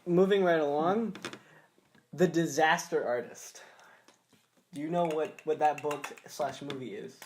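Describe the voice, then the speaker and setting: A man's voice: a little high, measured pace, pauses often, a little mellow, a little hiss or hum. A man hosting a casual podcast chat, joking and breaking into put-on voices. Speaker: podcast host.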